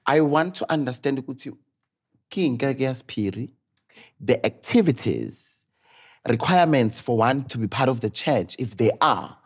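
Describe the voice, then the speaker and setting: Husky South African man hosting a podcast. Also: mid-range voice, expressive, moderate pace. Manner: loose, rambling, guiding questions. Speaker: host. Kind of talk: podcast discussion.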